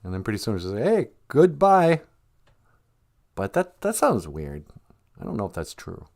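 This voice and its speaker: Male podcast host, animated delivery, loose and jokey monologue. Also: deep voice, fast talker, vocal fry. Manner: rambling, laughs often, jokey. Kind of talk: casual comedic monologue.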